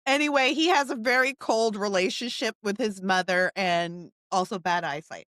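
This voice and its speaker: A woman's voice: medium pitch, moderate pace, fairly bright tone, dry recording. A woman co-hosting a podcast from home, chatting casually about a film, wondering aloud and laughing as she talks. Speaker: podcast co-host. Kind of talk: casual chat reviewing a film.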